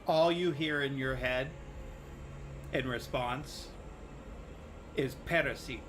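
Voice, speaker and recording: A man playing a tabletop game who speaks in character, quietly and tersely. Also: slow pace, background noise. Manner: quiet, terse and low-key. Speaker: player.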